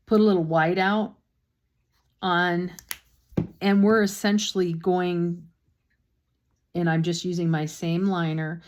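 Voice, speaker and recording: A woman's voice: fairly low pitch, darkish tone. A woman painting instructor talks casually through a step-by-step demonstration, with chatty, self-deprecating asides and a slightly sore throat.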